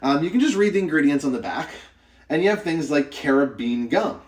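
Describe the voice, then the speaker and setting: A man's voice: on the high side, big pitch swings, fairly quick. A young man streaming live from his home kitchen, cooking, chatting and joking as he greets viewers by name. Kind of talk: casual live-stream chat.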